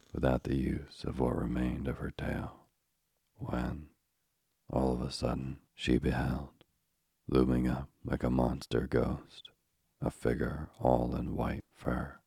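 A man reading a storybook aloud in a measured, old-fashioned way. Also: a bass voice, level tone, gravelly, mellow, breathy edge, no room sound, studio quality. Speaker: narrator.

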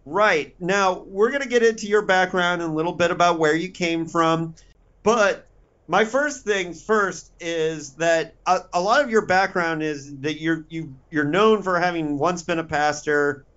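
A man hosts a podcast with a playful, jokey delivery. His voice sits high for a man. The sound is a bit dull and lo-fi. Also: unhurried, fairly bright tone, smooth. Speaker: podcast host. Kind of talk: podcast hosting.

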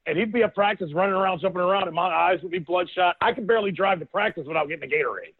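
A man in his thirties tells a story in a loose, animated way, breaking into laughter and acting out what others said. His voice sits on the high side. It comes through a thin, phone-like line with no room sound. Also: very fast, slightly rough, dry recording. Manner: animated storyteller, laughs often, quotes people. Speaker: former football player, guest. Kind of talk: casual storytelling on a call-in show.

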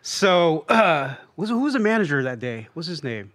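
A man co-hosting a casual podcast, telling his side of a story in a chatty way, often trailing into quiet asides. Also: on the high side, big pitch swings, moderate pace. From Southeast Asia. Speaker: comedian co-host.

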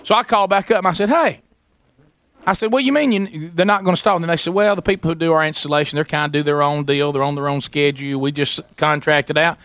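A man, hosting a talk radio show and telling a story in a lively way, acting out the people in it. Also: fairly high pitch, racing, few pauses, dry recording. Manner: animated, acts out quoted voices, sarcastic. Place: radio studio.

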